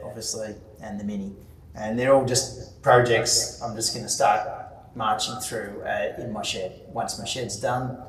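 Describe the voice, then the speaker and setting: A man's voice: fairly low pitch, a little hiss or hum. A man telling casual stories to a club audience, rambling with many fillers and restarts. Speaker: guest speaker. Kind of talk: casual anecdotal talk. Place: club meeting room. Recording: echoey room, distant mic, faint ambience.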